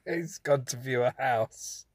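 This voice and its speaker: A man's voice: mid-range voice, no echo. A British man co-hosting a podcast in casual chat, easygoing and amused. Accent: British English. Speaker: podcast co-host.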